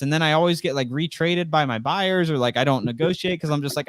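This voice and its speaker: Smooth-voiced young man telling a story. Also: a little high, brisk, fairly bright tone, dry recording. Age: 20s. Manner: rambling, heavy use of "like" and "you know"; acts out quoted dialogue in a raised voice. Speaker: interview guest, real estate investor. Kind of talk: casual storytelling interview.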